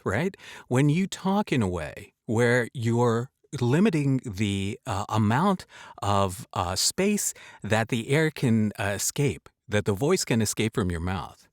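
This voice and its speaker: A man's voice: mid-range voice, big pitch swings, a little slow, dry recording, clean studio sound. A man hosting a casual voice tutorial, joking around and demonstrating sounds aloud as he explains. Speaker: voice-over coach and show host.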